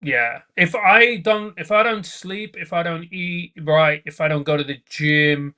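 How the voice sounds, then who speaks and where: A man's voice: on the high side, measured pace, pushed and bright. A male comedian guest in casual podcast chat, talking earnestly and repeating phrases for emphasis.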